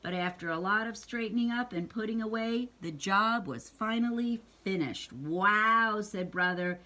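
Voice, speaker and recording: A woman's voice: medium pitch, normal speed, a bit bright. A woman reading a picture book aloud to a child, playful and stopping to ask the listener questions. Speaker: storyteller.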